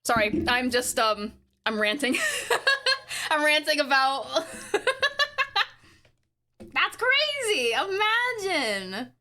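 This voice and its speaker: A woman streaming live, chatting casually to her viewers in an excitable, rambling way with frequent giggles. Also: sits high, slow pace, pauses often. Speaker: streamer and animator. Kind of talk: casual livestream chat.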